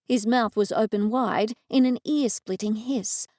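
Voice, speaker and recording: An Australian woman narrating a cozy mystery audiobook in the first person, measured and expressive. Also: a little high, no echo, clean studio sound.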